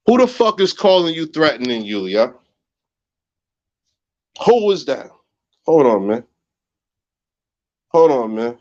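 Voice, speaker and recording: A man rants on a livestream, slightly high-pitched and profane, hammering phrases again and again. He drops to low mutters, then breaks into high shouts, and the audio comes through dull and muffled. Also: big pitch swings, takes it slowly, pauses often. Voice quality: profane, agitated, repeats phrases. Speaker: livestream host. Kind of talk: heated livestream rant.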